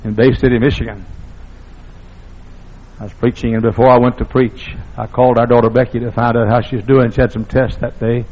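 An older man from the South, a pastor, preaching a sermon, husky and gravelly, and now and then breaking into sudden loud shouts. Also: mid-range voice, level tone, brisk. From American South. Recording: dull lo-fi sermon recording.

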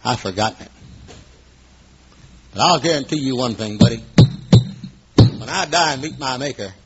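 A man in his fifties preaching a sermon, dramatic, swinging between hushed asides and loud exclamations. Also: mid-range voice, expressive, moderate pace, background noise. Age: 50s. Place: room at an evening gathering. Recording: dull lo-fi recording.

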